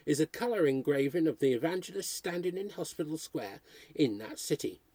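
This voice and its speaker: A man with a husky voice reading a history book aloud, steadily working through dates and places. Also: fairly high pitch, mellow, no echo. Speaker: reader.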